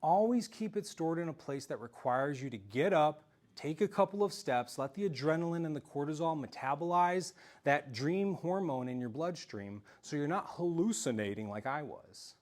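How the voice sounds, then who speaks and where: A man telling a story in an animated, self-mocking way during a talk to a live audience. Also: a little high, normal speed. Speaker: speaker giving a self-defense talk.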